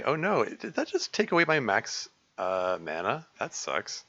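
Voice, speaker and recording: A man's voice: medium pitch, huge pitch swings, a little slow, sharp tone, highs cut off. A man casually commenting on his own game stream, rambling with many fillers, restarts and small chuckles. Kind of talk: casual let's-play commentary.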